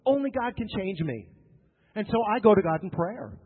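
Husky-voiced preacher in a reverberant hall. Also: male voice, sits high, big pitch swings, normal speed. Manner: emphatic and repetitive, with joking asides to the congregation. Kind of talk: sermon. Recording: tinny lo-fi sound with long hall reverb.

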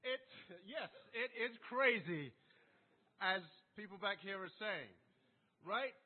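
A man's voice: high voice, lively intonation, slow. A man preaching a sermon, telling a personal story in a conversational way and checking in with listeners. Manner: conversational, asks listeners "right?". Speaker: pastor. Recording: tinny phone-like sound.

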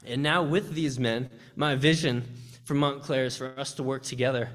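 A man's voice: mid-range voice, fairly even intonation, moderate pace, fairly bright tone. Earnest young man giving a church testimony. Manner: earnest, heartfelt, with restarts. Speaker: campus ministry speaker. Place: church service.

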